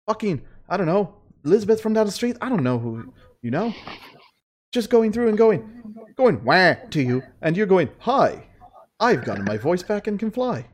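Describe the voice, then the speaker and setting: A game master voicing a crude, scheming female fey courtier who makes a profane, persuasive sales pitch in a tabletop game. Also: a little mellow. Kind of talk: tabletop role-play.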